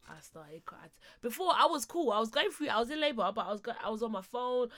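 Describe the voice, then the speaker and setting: A woman's voice: on the high side, lively intonation, fast talker, a bit bright. A young woman, co-hosting a podcast and animatedly telling a personal story, acting out what people said and laughing often. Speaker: podcast co-host.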